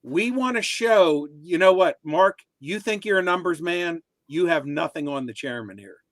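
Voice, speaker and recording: A man's voice: fairly high pitch, lively intonation, normal speed, fairly bright tone, no echo. A man co-hosting a casual chat show, making wry, dry remarks. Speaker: co-host.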